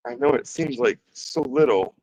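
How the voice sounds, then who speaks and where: A man's voice: mid-range voice, lively intonation, normal speed, a little mellow, a little hiss or hum, low-quality recording. A man from the Detroit area, hosting a casual woodworking livestream, joking, reading chat comments aloud and voicing his nerves as he works. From Detroit area, Michigan. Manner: chatty, joking, reads chat aloud, nervous exclamations. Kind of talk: casual live-stream chat.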